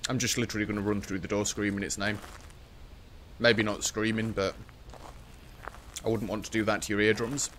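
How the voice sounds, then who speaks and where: A man's voice: on the low side, little pitch movement, fairly quick, pauses often, fairly bright tone, slight background noise. A man giving nervous, joking commentary on a solo horror game, now and then taunting the ghost. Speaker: gaming streamer.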